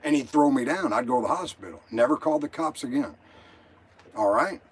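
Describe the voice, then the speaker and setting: Husky, agitated older man. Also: medium pitch, lively intonation, fairly quick. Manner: agitated, rambling, profane. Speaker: caller. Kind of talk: emotional call-in story.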